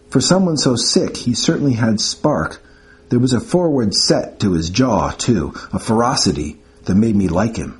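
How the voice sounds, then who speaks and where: A man reading first-person audiobook narration in a measured, wry storytelling manner. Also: fairly low pitch, expressive.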